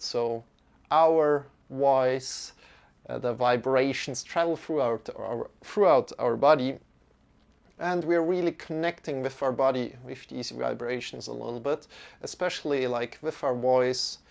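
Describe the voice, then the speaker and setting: Slow, smooth-voiced male mantra teacher. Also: medium pitch. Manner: casual and chatty, with many fillers. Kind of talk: live-streamed mantra lesson.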